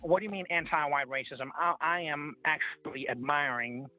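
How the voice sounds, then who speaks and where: A prim, mock-earnest white American man, as a South African caller puts him on, polite to a fault and ending lines with sir. The voice sits on the high side and comes through a tinny phone line with faint music behind. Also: moderate pace, dry recording, lightly acted.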